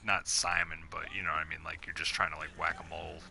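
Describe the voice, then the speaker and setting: A man's voice: a bass voice, little pitch movement, fast talker, vocal fry, sharp tone, a little hiss or hum. A young man chatting casually while gaming, rambling with lots of fillers and swearing. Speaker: gamer.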